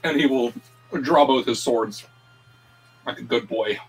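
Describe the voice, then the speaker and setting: A man's voice: mid-range voice, measured pace, poor audio. A man playing a tabletop game, talking casually and hesitantly with plenty of ums. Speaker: player. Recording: faint background music.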